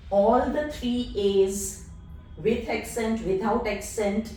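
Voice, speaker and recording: A woman language teacher patiently explaining letters and sounds in a slow, deliberate lesson. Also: fairly high pitch, far from the mic. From India. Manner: patient, spells out letters one at a time. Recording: echoey room, voice off-mic.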